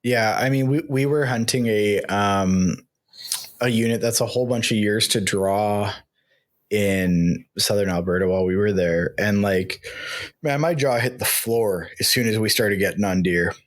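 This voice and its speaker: A man hosting a podcast, telling stories in an animated, excitable way during a casual chat. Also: fairly low pitch, unhurried. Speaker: podcast host. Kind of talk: casual conversation.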